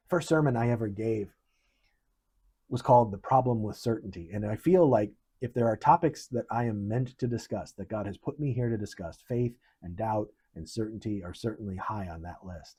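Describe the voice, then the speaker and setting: A man's voice: on the low side, fairly quick, breathy edge. A male pastor giving a sermon in an earnest, conversational way, pressing hard on key words. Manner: earnest, conversational preaching with animated emphasis.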